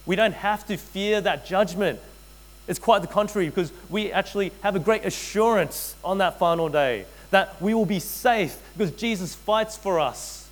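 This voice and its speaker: A man preaching a sermon, earnest and direct, addressing his listeners as friends and repeating key phrases, often dropping to a hushed intensity. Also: high voice, poor audio. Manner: addresses listeners as friends, frequent tag questions. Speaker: pastor.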